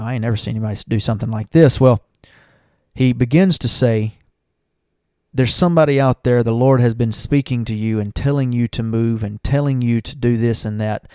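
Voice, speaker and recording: A man's voice: mid-range voice, steady tone, normal speed, gravelly, warm tone, dry recording, clean studio sound. Earnest man telling his testimony. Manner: earnest storytelling, addressing listeners as y'all. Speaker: church member giving testimony. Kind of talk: personal testimony.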